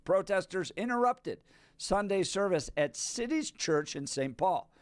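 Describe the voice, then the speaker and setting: A male talk radio host with a slightly high voice and an animated, up-and-down delivery. He reads news with sarcastic commentary, recorded dry in the studio. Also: unhurried, smooth, dry recording. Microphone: studio microphone.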